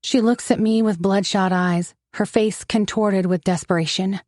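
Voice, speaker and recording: A woman narrating a romance audiobook in the first person, with steady, wry storytelling on a close mic. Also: medium pitch, normal speed, few pauses, no room sound.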